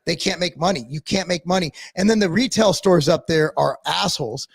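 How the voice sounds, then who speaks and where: Male co-host, higher pitch, blunt profane rambling delivery, dry close sound. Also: fairly quick, vocal fry, breathy edge, no echo. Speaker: podcast co-host. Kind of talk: casual chat.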